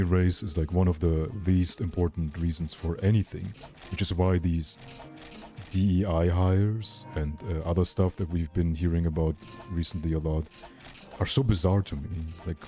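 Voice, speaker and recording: Deep-voiced man with a light German accent. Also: steady tone, moderate pace, mellow, soft background music. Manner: rambling, candid, salty. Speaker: streamer. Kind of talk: casual chat.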